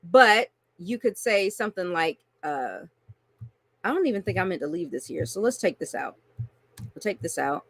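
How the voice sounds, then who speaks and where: A woman's voice: fairly low pitch, expressive, normal speed, fairly bright tone, no echo. A woman coaching online marketers through a screen-share tutorial, chatty and casual, often checking in with "right?" and "okay?".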